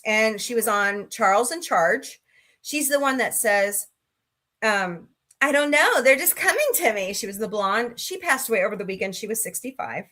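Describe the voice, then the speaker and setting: A woman's voice: mid-range voice, a bit bright. A middle-aged woman hosting a casual livestream talk show, chatting and greeting viewers by name with a sarcastic streak.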